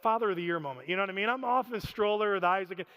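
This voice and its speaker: A man in his thirties preaching a sermon, telling stories in an animated, self-deprecating way with frequent laughter. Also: high voice, very fast, clear, resonant tone. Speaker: pastor. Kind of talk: storytelling sermon. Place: church sanctuary. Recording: reverberant church hall.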